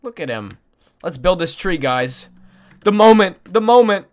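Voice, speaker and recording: A woman streaming a video game, chatting casually with her viewers and swinging between squealing joy and mumbled asides. She coos in a high baby voice at a pet. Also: expressive, unhurried, darkish tone. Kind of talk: casual live-stream gaming commentary.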